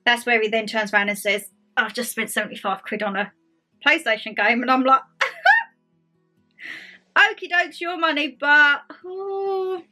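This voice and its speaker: A woman's voice: a little high, pushed and bright. A young woman chatting casually to camera, bubbly and talkative, full of quoted asides. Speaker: vlogger host. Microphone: tablet camera.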